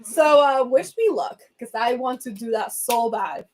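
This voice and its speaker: A young woman from Venezuela with a Venezuelan accent, Spanish her first language, talks in a bubbly, chatty way on a casual livestream. Her voice sits fairly high. She speaks into a phone from a reading corner in her home. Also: a little mellow, slight background noise. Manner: bubbly, chatty, quick asides and laughs. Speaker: livestream host.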